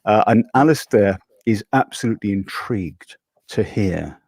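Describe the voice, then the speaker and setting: A man hosting a live stream, rambling a little with many ums and restarts, animated and quick to laugh. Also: fairly low pitch, gravelly, no echo. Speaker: host.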